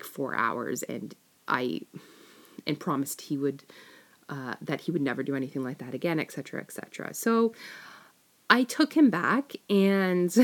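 A woman with a low, deep-set speaking voice tells a story from her own life in a loose, confessional way. She rambles, fills gaps with small hesitations and keeps correcting herself as she goes. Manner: rambling, many fillers and self-corrections. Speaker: storyteller sharing a personal experience.

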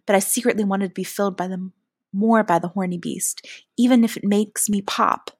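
A woman narrating a first-person adult audio story in a soft, often half-whispered delivery. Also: mid-range voice, fairly even intonation, fairly quick, breathy edge, dry recording, clean studio sound.

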